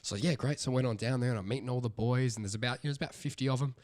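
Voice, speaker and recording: A young Australian man, co-host of a podcast, telling a story in casual chat and getting loud and high-pitched when he laughs at the punchlines. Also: very fast.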